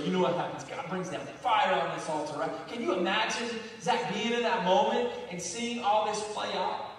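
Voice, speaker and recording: High-voiced preacher in an echoing hall. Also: male voice, slight background noise. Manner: lively storytelling, conversational and animated. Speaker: pastor. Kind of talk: sermon. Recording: echoey hall from far off.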